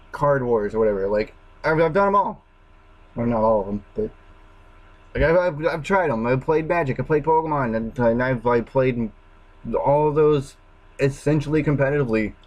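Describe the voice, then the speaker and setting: A man's voice: mid-range voice, a little mellow, low-quality recording. Exasperated man swearing through a rant. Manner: swears constantly, restarts sentences, exasperated. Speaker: gaming vlogger. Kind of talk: frustrated solo rant.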